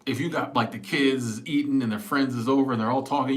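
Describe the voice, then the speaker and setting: A man in his forties hosting a casual live stream, answering viewers in an animated, emphatic, joking way on a small clip-on mic. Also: medium pitch, fast talker. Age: 40s. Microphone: small wireless clip-on mic.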